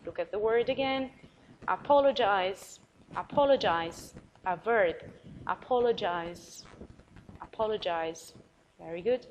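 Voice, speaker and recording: A woman teacher with an Arabic accent giving a recorded English vocabulary lesson, encouraging, spelling words out letter by letter and repeating them slowly. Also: mid-range voice, lo-fi sound, a little hiss or hum.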